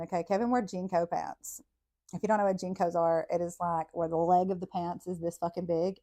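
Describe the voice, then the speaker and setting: Laughing, foul-mouthed woman storyteller. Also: fairly low pitch. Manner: profane, laughing, animated storytelling. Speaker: podcast host. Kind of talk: casual storytelling.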